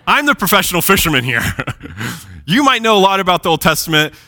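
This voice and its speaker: Man voicing a tired, grumbling fisherman, lively, forceful, modern casual talk. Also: mid-range voice, fast talker. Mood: annoyed, tired. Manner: exasperated modern casual banter. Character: weary, irritable male fisherman disciple.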